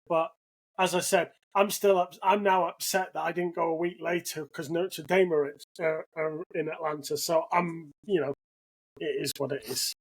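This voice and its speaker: A man's voice: fairly high pitch, fairly even intonation, normal speed, breathy edge. A British man co-hosting a podcast, telling a rambling anecdote in casual chat with many restarts. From Britain. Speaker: podcast co-host.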